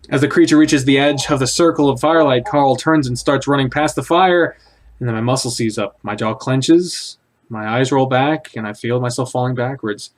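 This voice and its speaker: A man's voice: mid-range voice, normal speed, soft background music. Man reading a horror visual novel aloud. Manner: dramatic reader, blurts out startled reactions. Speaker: let's play host.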